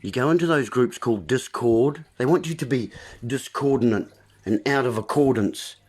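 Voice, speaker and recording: A man's voice: medium pitch, normal speed, a little mellow, slightly rough. A man hosting a livestream, giving a rambling, preachy wordplay monologue with asides to his viewers. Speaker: livestream host.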